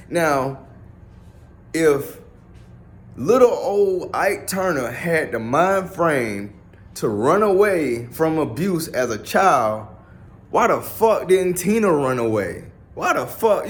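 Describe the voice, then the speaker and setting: Blunt, profane man talking slowly. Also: high-pitched. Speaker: commentator. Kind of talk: casual opinionated monologue.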